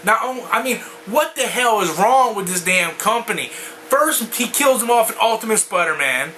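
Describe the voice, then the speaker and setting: A man ranting furiously and profanely about a comic book in a video, often bursting into shouts. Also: sits high, expressive, moderate pace, a little hiss or hum, low-quality recording. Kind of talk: angry video rant.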